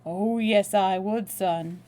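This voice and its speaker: A woman's voice: mid-range voice, takes it slowly, warm tone, slight background noise, close to an everyday voice. A woman reading aloud, voicing a blunt young American man who drawls, speaks dryly and makes threats. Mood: menacing. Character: brash, blunt young American man, cool under pressure. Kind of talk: read-aloud novel dialogue.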